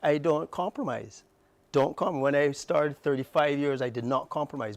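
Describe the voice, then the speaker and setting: A man's voice: a little high, gravelly, no echo. A middle-aged man with a Barbadian accent, speaking passionately and emphatically as a guest on a morning TV interview. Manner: passionate, emphatic, fast bursts with rising outbursts. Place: TV studio.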